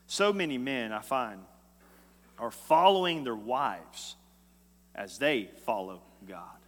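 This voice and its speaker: A man preaching a sermon as a pastor, emphatic and swinging between loud and hushed lines. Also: high voice. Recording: echoey hall.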